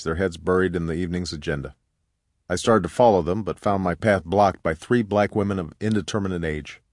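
A man narrates a memoir audiobook in a calm, measured, reflective way. His voice sits very low. The studio sound is close and dry, with no room around it. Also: no room sound.

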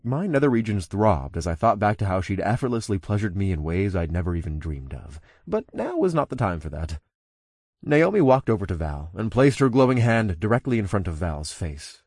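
Male audiobook narrator, very low voice, dry studio sound. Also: big pitch swings, normal speed, a little mellow, no room sound. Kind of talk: first-person audiobook narration.

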